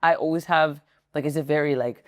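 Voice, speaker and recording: A woman's voice: low voice, fairly even intonation, fairly quick, no echo, clean studio sound. A woman hosting a podcast, chatty and giggly, with lots of fillers. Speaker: podcast host. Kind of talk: casual interview chat.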